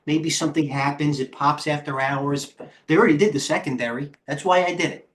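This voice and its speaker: A man's voice: fairly high pitch, fairly even intonation, a little fast. A middle-aged man hosting a live trading stream, tired, rambling off the cuff as he jumps between stock tickers. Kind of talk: live market commentary.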